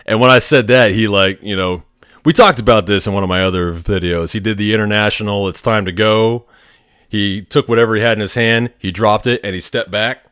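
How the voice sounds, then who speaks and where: A man's voice: on the low side, a little fast, a bit bright, clear, resonant tone, dry recording, studio quality. A man who works as a Navy X-ray tech, telling stories casually with a laid-back, profane, rambling manner full of fillers. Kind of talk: casual storytelling vlog.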